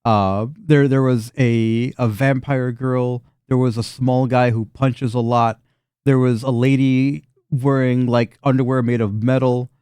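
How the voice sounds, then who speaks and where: A man with a warm, smooth voice narrates a tabletop game as its game master, sketching scenes loosely and restarting his sentences often. He sounds close to the mic in a dry room. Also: medium pitch, little pitch movement, a little slow, no echo. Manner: loose, rambling description with frequent restarts and fillers.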